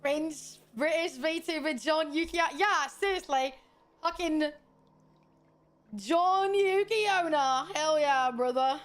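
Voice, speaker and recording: A woman streamer giving live gameplay commentary, loud and quick to swear, often bursting into laughter. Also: sits high. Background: faint game music.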